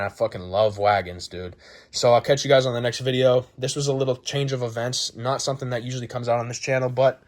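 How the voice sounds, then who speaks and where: A man in his twenties hosting a casual car review vlog, rambling and excitable, swearing freely. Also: mid-range voice. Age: 20s. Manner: profane, excitable, rambling enthusiasm. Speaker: car channel host.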